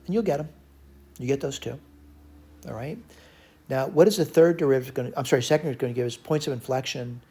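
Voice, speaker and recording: A man teaching a recorded math lecture, working through a problem out loud and correcting his own slips as he goes. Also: mid-range voice. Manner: talks to himself while working problems, frequent self-corrections.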